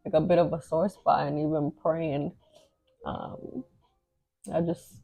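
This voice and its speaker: A woman's voice: deep voice, steady tone, slow, gravelly, dark tone, husky, no room sound, rough recording. A young adult woman co-hosting a podcast, sharing candid, emotional, faith-filled stories in casual chat. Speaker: podcast co-host.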